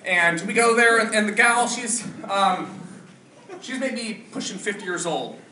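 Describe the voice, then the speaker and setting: A man telling comic stories from his life to a live audience, laughing often and talking in a loud, animated way. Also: high voice, a little slow. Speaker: storyteller at a ward variety show. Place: church hall with a live audience. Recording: roomy hall, mic at a distance, audience noise.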